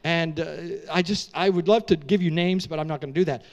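A middle-aged man preaching from the pulpit in a high, bright voice. He tells a story in an animated and emotional way, and he drops casual, slangy asides to his listeners as he goes. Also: a little fast, highs cut off. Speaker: pastor. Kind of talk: storytelling sermon.

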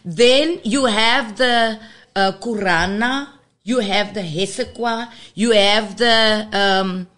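A woman's voice: medium pitch, takes it slowly, fairly bright tone. A woman, a radio guest patiently explaining and teaching how words are pronounced. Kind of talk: explaining on a radio talk show.

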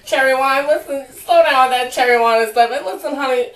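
A sassy woman hosting a comedic sing-off, teasing her partner and laughing often. Her voice sits a little high. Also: fairly quick, hardly any pauses, fairly bright tone. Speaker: channel host.

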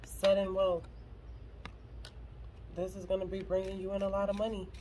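A woman's voice: medium pitch, completely flat delivery, normal speed, dark tone, slight background noise, rough recording. A woman doing a casual tarot reading to camera, blunt and profane and close to tears. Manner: blunt and profane, emotional, swears freely. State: on the verge of tears. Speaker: tarot reader.

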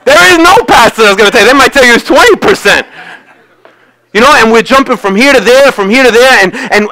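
A man's voice: very high voice, sharp tone, rough recording. A man preaching a sermon as pastor in a church, talking conversationally and acting out quoted voices.

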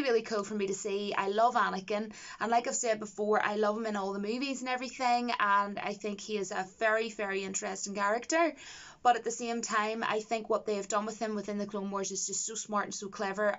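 A woman's voice: medium pitch, a bit bright, dull audio. A young woman, reviewing a TV episode in a casual, enthusiastic and rambling way. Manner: enthusiastic, rambling, gushing with praise.

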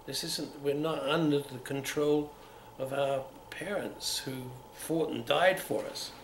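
His voice is fairly high and unhurried, with vocal fry. He's an Englishman in his seventies whose London accent lies between upper-class and Cockney, rambling and restarting as he reminisces unscripted in an oral history interview. The recording, made in a museum room, is roomy with a faint hiss.

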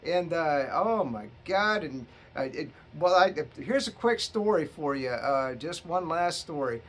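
A man's voice: a little high, expressive, unhurried. A middle-aged man, a bit tipsy from drinking, telling a rambling, profane story to his viewers. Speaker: vlogger. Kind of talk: rambling casual monologue.

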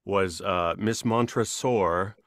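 Narrator guest, man, animated storyteller, mid-pitch, dry close sound. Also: slow pace, dry recording. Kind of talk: casual chat. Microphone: video call.

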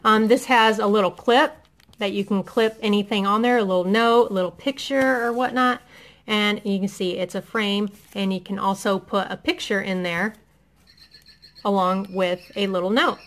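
At home in Indiana, a middle-aged woman who does haul videos talks eagerly about her latest purchases, saying um a lot in this relaxed product chat. She speaks at a moderate pace in a mid-range voice with a fairly bright tone and fairly even intonation.

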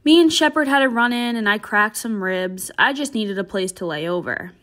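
A woman voicing a cocky, tough teenage boy from a novel, with a loud, offhand delivery. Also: medium pitch, expressive, moderate pace, natural voice.

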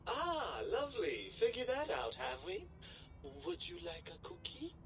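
A man's voice: very high-pitched, big pitch swings, unhurried, gravelly, a bit bright, slight background noise, exaggerated voice, low-quality recording. A man voicing a pompous, sarcastic disembodied brain in a jar that talks down to its owner in a video game. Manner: sarcastic, fussy and condescending.

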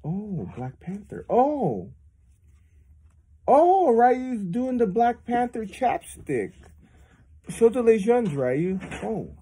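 A man's voice: high-pitched, very animated, slow pace, warm tone, slightly rough. A man at home patiently teaching his child simple French phrases, repeating each one for the child to copy. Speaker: father teaching his kids. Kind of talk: casual home French lesson.

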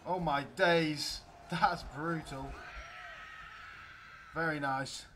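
A young man giving excitable, chatty commentary while playing a strategy game. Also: a little high, measured pace, a little hiss or hum. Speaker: let's play gamer. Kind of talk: gameplay commentary.

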